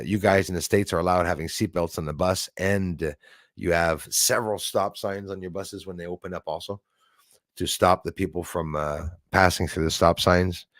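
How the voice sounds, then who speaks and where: A man's voice: low-pitched, no echo, studio quality. A Canadian man telling rambling, digressive stories on a casual livestream, restarting his sentences and wandering off into asides. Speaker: livestream host.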